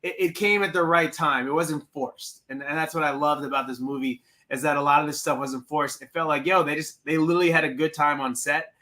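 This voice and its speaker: Man, co-host, bright forceful voice, pitched a bit high, animated storyteller. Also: fairly quick, hardly any pauses. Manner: animated, acts out scenes in voices. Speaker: podcast co-host. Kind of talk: casual movie review chat.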